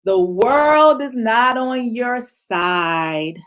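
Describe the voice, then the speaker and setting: A woman giving an animated motivational talk to a virtual retreat audience, acting out other people's voices and laughing often. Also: a little high, drawn-out words. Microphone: video call.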